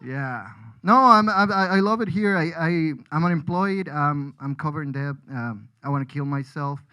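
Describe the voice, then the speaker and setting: A man's voice: a little high, normal speed, bright, forceful tone, smooth, low-quality recording. A man from Colombia, a comedian rambling through a self-deprecating stand-up set with frequent restarts.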